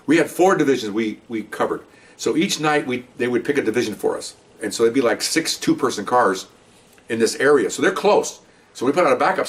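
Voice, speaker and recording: Recorded far from the mic, this medium-pitched man is an older retired police officer spinning stories in a relaxed monologue. He keeps asking "okay?" and performs the quoted dialogue as he goes, in a conversational manner.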